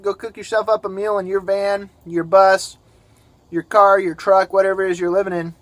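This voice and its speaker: Mann mit hoher Stimme, trockene Aufnahme. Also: male voice, high voice, moderate pace, dry recording. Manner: relaxed, chatty, talks while eating. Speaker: van life vlogger. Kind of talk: casual vlog talk to camera. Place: inside a van.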